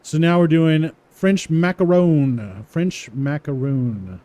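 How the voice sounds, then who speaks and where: Slow, mellow-voiced man typing code aloud. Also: fairly high pitch. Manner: talks to himself, repeats words slowly while typing, chuckles at prices. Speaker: coding tutorial presenter. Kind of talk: casual live coding walkthrough.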